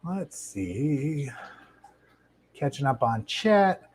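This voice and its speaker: A man hosting a casual live stream about his shrimp tanks, talking into a lapel mic in a home fish room in a relaxed, chatty way with plenty of fillers and restarts. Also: medium pitch, drawn-out words, poor audio. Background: faint hum of aquarium tanks.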